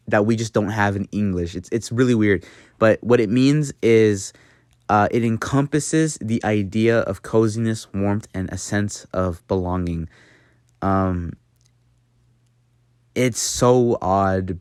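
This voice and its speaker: A man's voice: lowish voice, no room sound, clean studio sound. Playful man hosting a mock lesson. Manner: playful, talks to viewers as a class. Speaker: channel host teaching a mock language lesson. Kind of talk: jokey tutorial narration.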